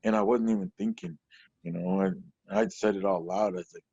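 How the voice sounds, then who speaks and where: A man's voice: on the low side, fairly even intonation, brisk, creaky, warm tone, breathy edge, no echo. A stand-up comedian from Portland, Oregon, a man telling stories in a loose, rambling way, full of "you know". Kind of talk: conversational storytelling. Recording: dull lo-fi recording, dry.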